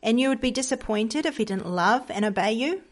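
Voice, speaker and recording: A woman reading as a gently reproachful lady. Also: a little high, animated, a little fast. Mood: coaxing. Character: earnest pious woman questioning a stranger.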